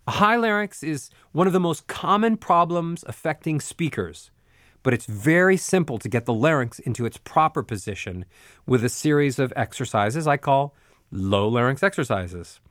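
A middle-aged man, a voice coach, explaining vocal exercises step by step in a clear, patient way. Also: medium pitch, lively intonation, moderate pace, a bit bright, no echo, clean studio sound. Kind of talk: spoken instruction with vocal exercises.

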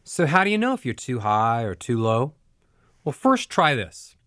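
A man coaching listeners through a voice lesson, speaking in a steady, instructive way at a middling pitch. He lays out each step plainly. His voice is close and dry, with no room sound. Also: no echo. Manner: measured, instructive, gives step-by-step directions. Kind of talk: spoken voice lesson.

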